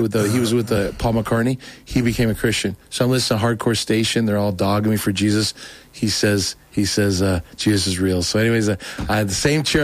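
A man's voice: medium pitch, no room sound. A man telling a long personal story in a casual chat, rambling and acting out what others said. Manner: rambling, animated, acts out quoted voices. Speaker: guest telling his testimony.

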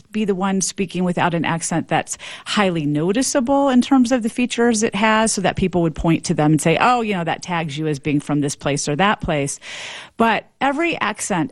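A woman in her forties or fifties from the American South, a linguistics professor explaining things in a lively way in a radio interview. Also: medium pitch, no room sound. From Memphis, Tennessee, American South. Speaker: linguistics professor and author, guest.

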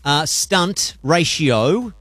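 A man hosting an interview, friendly and quick with questions, laughing easily. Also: fairly high pitch, lively intonation, a bit bright, no echo. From Australia. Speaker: interviewer host. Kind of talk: casual interview.

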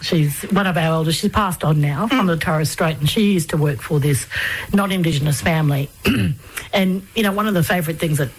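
A woman hosting an interview, asking prompting questions and sharing stories of her own at an unhurried pace. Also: deep voice, slightly rough, rough recording. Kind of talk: conversational interview.

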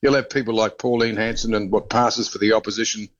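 A man reporting as a radio correspondent, brisk and opinionated in a conversational way. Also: fairly low pitch, steady tone. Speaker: Australia correspondent. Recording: dull lo-fi line.

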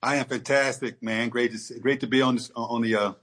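A middle-aged man from Texas talks in a relaxed, folksy way, full of "you know" and "man." His voice is somewhat husky. He speaks as a guest on a radio interview. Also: mid-range voice, brisk. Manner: relaxed, folksy, many fillers. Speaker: politician, guest.

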